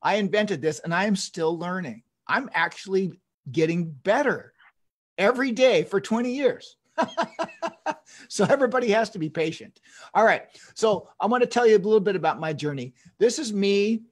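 A man's voice: high voice, animated, normal speed. A man in his fifties, a dentist giving an online lecture, telling stories enthusiastically with chuckles and restarts.

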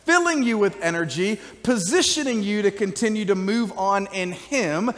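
Pastor guy preaching to his church, lively and chatty, kinda high voice, big reverby sanctuary. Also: moderate pace. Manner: energetic, conversational preaching with call-outs. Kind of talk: sermon.

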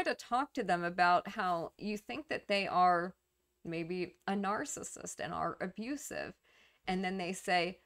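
A woman's voice: lowish voice, measured pace, fairly bright tone. A woman casually explaining a topic to camera in a conversational way, with fillers, restarts and small laughs. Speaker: YouTube commentator on narcissism.

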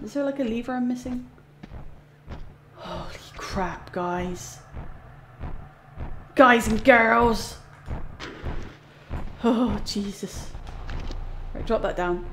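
A woman's voice: a little high, a bit bright, a little hiss or hum. A young woman, chatting casually as she streams a game, jumpy and easily spooked, laughing often. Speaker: gaming streamer. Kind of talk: casual let's play commentary.

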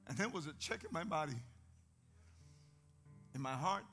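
Bright, high-voiced male pastor. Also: moderate pace, soft background music. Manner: animated, acts out voices in his stories. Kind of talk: sermon with storytelling. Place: church.

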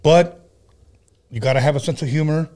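A man with a slightly high voice hosts a casual talk show. He jokes and swears freely, repeats himself often and drifts from story to story. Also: normal speed, dark tone. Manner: loose, profane and joking, tells stories with many restarts. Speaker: podcast host. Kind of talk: casual chat.

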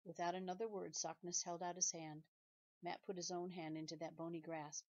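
A woman teacher reads a children's novel aloud with steady, measured and clear narration. Her voice sits on the lower side, and the recording sounds dull and lo-fi.

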